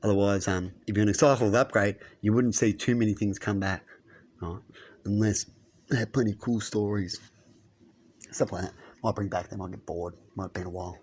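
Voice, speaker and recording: A man's voice: fairly low pitch, steady tone, brisk, a little mellow. A man vlogging in a casual, rambling monologue, musing aloud and asking rhetorical questions.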